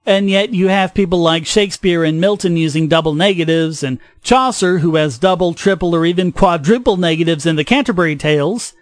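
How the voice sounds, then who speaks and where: A man's voice: on the high side, brisk, few pauses, no room sound, clean studio sound. A man hosting his podcast, delivering scripted opinion commentary in a sarcastic, ranting manner. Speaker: podcast host.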